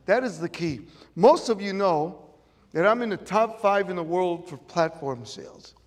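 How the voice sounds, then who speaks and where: A man's voice: sits high, animated, moderate pace. Middle-aged chicago guy, motivational talk, hammers the same lines, reverb trailing off the walls. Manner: emphatic, repeats key phrases. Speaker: motivational speaker. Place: event room with audience. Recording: long reverb of a large room.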